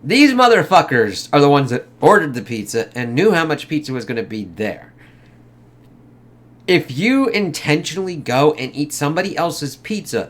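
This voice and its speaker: A man giving a casual, rambling movie review, full of swearing and quick acted-out quotes in exaggerated voices. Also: on the high side, big pitch swings. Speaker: film reviewer.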